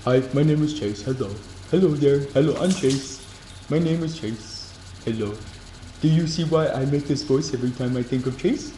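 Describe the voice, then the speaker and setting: A man's voice: mid-range voice, moderate pace, mellow, slight background noise, natural voice. A man voicing a goofy, friendly male dog that keeps repeating simple greetings in a roomy recording. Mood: eager. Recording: roomy echo.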